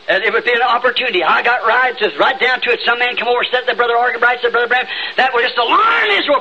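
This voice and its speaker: A Southern man preaching in a church with a very high, piercing, bright voice. He talks in a fervent revival style and breaks into sudden shouts. The sound is a dull, lo-fi 1960s tape with a faint hiss underneath. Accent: Southern United States. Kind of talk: old-time revival sermon. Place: church sanctuary.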